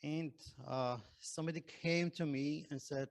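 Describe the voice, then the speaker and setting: A man who is not a native English speaker, telling his conversion testimony in hesitant English full of pauses and fillers. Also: fairly high pitch, fairly even intonation, vocal fry, no echo. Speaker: ex-Muslim convert giving testimony. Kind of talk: personal testimony.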